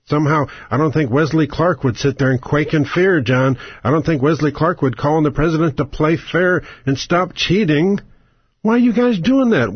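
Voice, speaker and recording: A man's voice: a little high, breathy edge, no room sound, dull audio. A man hosting a talk radio show, ranting about politics with angry sarcasm, profanity and strings of rhetorical questions.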